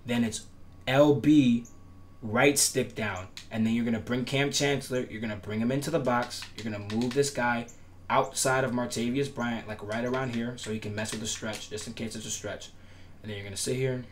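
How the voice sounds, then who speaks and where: At a moderate pace and with a steady, medium-pitched tone, a man explains defensive setups in a relaxed gameplay tutorial he created. His teaching is repetitive and full of emphatic promises, his voice cracks at times, and slight background noise is present.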